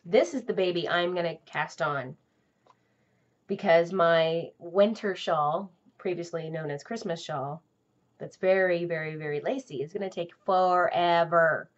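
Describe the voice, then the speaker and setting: A woman's voice: on the low side, measured pace, lo-fi sound. A woman hosting a crafting vlog from home, chatting casually and rambling with lots of ums and asides. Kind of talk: casual chat to camera.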